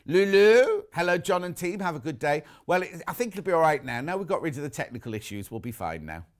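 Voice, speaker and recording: A British man hosting a live shopping show, his voice sitting a little high for a man. He chats loosely with the crew and viewers, reading out their messages. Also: sing-song, fairly quick. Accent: British English. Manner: chatty, reads out viewer messages. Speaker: shopping channel presenter. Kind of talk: live TV sales chat.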